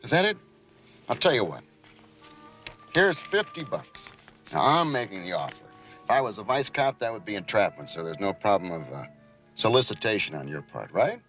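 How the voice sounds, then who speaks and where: Smarmy, wheedling predator; lively pitch, vintage TV drama. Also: male voice, moderate pace, pauses often. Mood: sleazy. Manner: oily, wheedling, then nervous. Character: sleazy middle-aged man cruising for a hookup. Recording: old TV drama with music behind.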